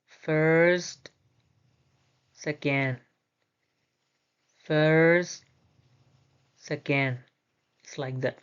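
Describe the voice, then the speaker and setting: A woman teaches beginners at an unhurried pace, saying each sound several times. Her voice sits low and comes through smooth and clean, though the recording itself is a little dull. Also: fairly even intonation. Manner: repeats each sound slowly, switching between Korean and English. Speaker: Korean language teacher. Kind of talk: slow, careful beginner lesson.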